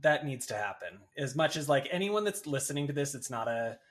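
Male author as interview guest; easygoing, conversational, mid-pitched. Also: fairly quick. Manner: relaxed, lots of "like" and "right?". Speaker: guest, author and agency founder. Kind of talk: casual interview chat.

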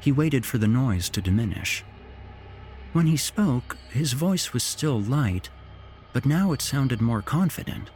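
A man hosting a horror podcast, reading a story in an expressive, unhurried narration. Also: mid-range voice, soft background music.

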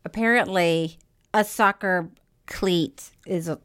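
A woman's voice: lowish voice, takes it slowly, a bit bright, clear, resonant tone. A woman co-hosting a podcast, giggly and gushing as she chats. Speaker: podcast co-host. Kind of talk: casual chat.

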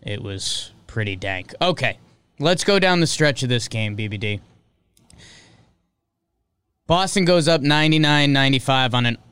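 A young man hosting a casual sports talk livestream, chatty and joking, with sudden energetic bursts. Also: fairly high pitch, smooth, no room sound. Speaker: sports show host.

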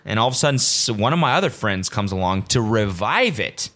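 A man hosting a solo podcast, rambling casually and swearing often, veering between excitement and deadpan asides. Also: medium pitch, moderate pace. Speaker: podcast host.

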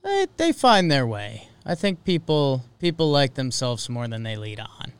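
Rambling New man, smooth dry voice. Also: mid-range voice, big pitch swings, a little slow, no room sound. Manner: rambling, hesitant, many fillers and restarts. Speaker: podcast co-host. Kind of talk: casual sports podcast chat.

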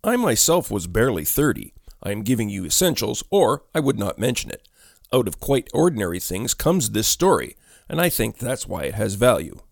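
A man narrating a ghost story in a measured storytelling delivery. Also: lowish voice, sing-song, creaky, no echo, clean studio sound.

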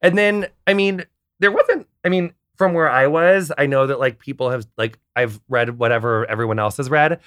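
A man's voice: medium pitch, normal speed, smooth, no room sound, clean studio sound. An American man chatting as a podcast guest, telling stories in a rambling way full of fillers. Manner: rambling, full of "like", animated storytelling. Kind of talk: casual chat.

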